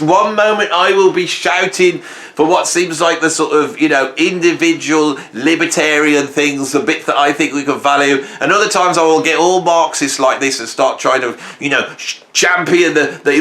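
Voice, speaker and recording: A man's voice: on the high side, normal speed, sharp tone, reverberant. A middle-aged man ranting on his own video channel, emphatic and angry, tossing in "right?" as he goes. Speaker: YouTuber. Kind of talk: ranting monologue.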